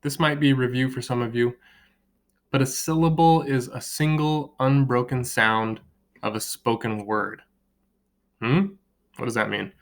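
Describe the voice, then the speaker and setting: A young man teaching a recorded lesson to children, explaining patiently and slowly drawing out words to count their beats. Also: medium pitch, fairly even intonation. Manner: slow, drawn-out word clapping and counting; friendly, patient classroom explaining.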